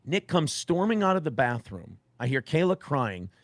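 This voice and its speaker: Telling a story on a stream, a man in his forties appearing as a guest speaks bluntly and profanely, animatedly quoting others in their voices. His voice is a little high, at normal speed, with no room sound.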